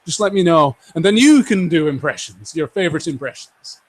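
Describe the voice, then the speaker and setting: A man's voice: on the high side, expressive, a little fast, low-quality recording. A man hosting a live game stream, joking and reading out viewer comments as he plays. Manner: chatty, jokey, reads out viewer comments.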